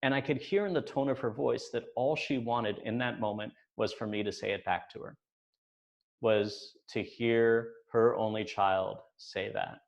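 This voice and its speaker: Storyteller, male, 40s, wry deadpan delivery, even mid-range voice. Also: medium pitch, unhurried, creaky. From United States. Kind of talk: live personal storytelling.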